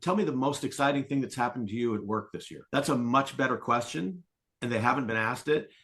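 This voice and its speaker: A middle-aged man talks as a sales coach on a podcast, an animated storyteller who slips into playful voices for the people he quotes. His voice sits at a mid pitch, and his delivery is easy and conversational. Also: brisk. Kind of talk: conversational interview.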